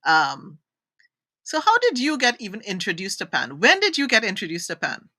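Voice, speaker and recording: Trinidadian woman host, enthusiastic live interviewer, bright tone, dry close sound. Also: medium pitch, moderate pace, no room sound. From Trinidad and Tobago. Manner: enthusiastic, animated. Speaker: talk show host.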